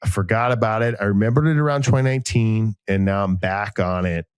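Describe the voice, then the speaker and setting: A low-pitched man telling long, jokey stories on a podcast. He rambles from one story to the next in a loose, animated way, and his voice sounds dry and close. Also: a little fast, clear, resonant tone, no room sound. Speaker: podcast co-host. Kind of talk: casual chat.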